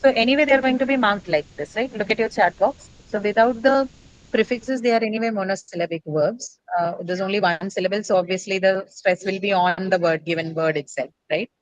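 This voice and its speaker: A woman's voice: mid-range voice, fairly quick, muffled recording. A woman teaching English pronunciation in an online class, explaining patiently step by step and checking in with tag questions.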